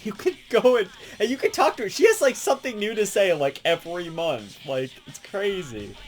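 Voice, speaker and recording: With faint music underneath, a gaming host excitedly rambles about a beloved game, cursing heavily and laughing often. The voice is medium-pitched and moves at a moderate pace.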